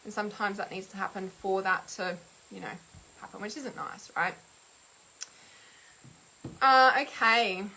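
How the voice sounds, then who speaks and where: A woman's voice: medium pitch, measured pace, pauses often, bright, forceful tone, slight background noise. A woman hosting a casual livestream Q&A as an intuitive healer, chatting loosely and acting out little quoted exchanges.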